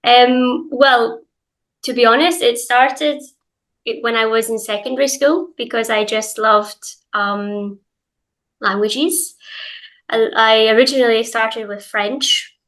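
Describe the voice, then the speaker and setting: A woman's voice: fairly high pitch, steady tone, takes it slowly, fairly bright tone, poor audio. A young Scottish woman with a light Glaswegian accent, an English teacher chatting casually as an interview guest with lots of hedges and fillers. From Scotland, Glasgow.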